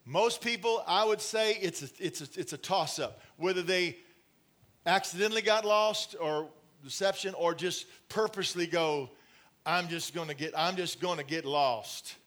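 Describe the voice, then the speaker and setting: A middle-aged man preaches to a congregation, his voice sitting high for a man. He moves between stories, laughs and direct asides to the room, keeping the sermon chatty and personal. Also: moderate pace, a bit bright. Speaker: pastor. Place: church in front of a congregation.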